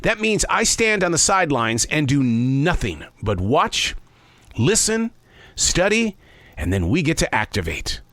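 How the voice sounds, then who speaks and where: A man in his sixties hosts a scripted commentary monologue, playful and expressive. His voice sits a little high for a man and swings widely in pitch. The sound is dry and close, with no room echo. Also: measured pace. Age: 60s. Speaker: host. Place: South of the United States.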